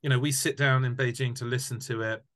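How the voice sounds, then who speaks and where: A man in casual conversation, telling animated anecdotes and often repeating words as he restarts a sentence. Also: mid-range voice, fast talker. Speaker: guest, tour company founder. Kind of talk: casual storytelling chat.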